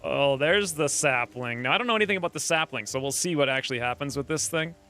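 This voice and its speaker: A man streaming a strategy game, talking excitedly over the play and crying out when his fighters get hit. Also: a little high, quick pace, a little hiss or hum. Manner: animated, yelps and cries out at hits. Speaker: gameplay streamer. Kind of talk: excited gameplay commentary.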